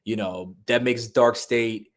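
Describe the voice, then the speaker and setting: Excitable man riffing on wrestling. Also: mid-range voice, slow pace. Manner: excitable, jokey, rambling with restarts and slang. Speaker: podcast co-host. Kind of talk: casual wrestling podcast chat.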